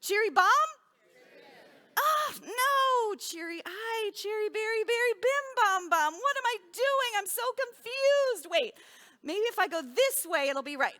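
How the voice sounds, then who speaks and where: High squeaky voice, flustered befuddled woman rabbi, a woman putting on an excitable storybook character. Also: a little slow, heavily acted. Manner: excited calling out, dizzy bewilderment. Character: flustered, confused woman rabbi lost without glasses. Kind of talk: children's storytelling.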